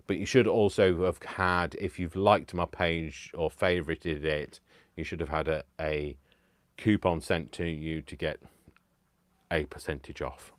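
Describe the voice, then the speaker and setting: Man, deep voice, rambly self-mocking live-stream host, casual chat. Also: no room sound. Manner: rambling, self-deprecating, chatty. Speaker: livestream host making digital crafts.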